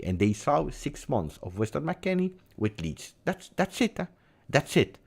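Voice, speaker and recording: A man hosting a football vlog, talking in an emphatic, theatrical way that jumps between loud and hushed. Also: fairly low pitch. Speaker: football channel host. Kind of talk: animated football commentary vlog.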